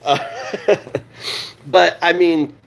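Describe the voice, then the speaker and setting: A man's voice: a little high, steady tone, extremely slow, vocal fry. A man ranting on a live stream, heated and sarcastic, swearing constantly and answering his chat. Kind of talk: profane live-stream rant.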